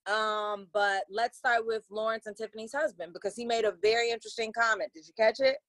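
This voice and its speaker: A young woman co-hosting a podcast, chatting in a loose, slangy way and slipping into quoted voices as she goes. Her voice sits a bit high, and the recording is close and dry with no room sound at all. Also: a little fast, dry recording, poor audio. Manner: animated, slangy, acts out quotes. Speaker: podcast co-host. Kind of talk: casual chat.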